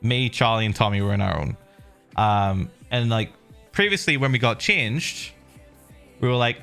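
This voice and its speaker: A man hosting a livestream, telling a story in casual chat, animated and laughing, with swearing and many fillers. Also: lowish voice, normal speed, gravelly, long pauses, soft background music. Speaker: livestream host.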